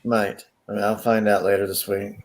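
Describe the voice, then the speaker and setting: A man's voice: on the low side, little pitch movement, normal speed. A man making self-mocking wisecracks in a casual chat with friends.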